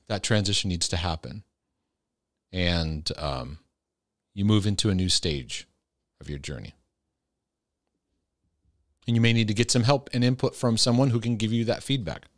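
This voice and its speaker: A man's voice: lowish voice, dry recording, clean studio sound. A man answering viewer questions in a casual, earnest and direct way, often restarting his sentences. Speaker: Christian mental health teacher answering viewer questions.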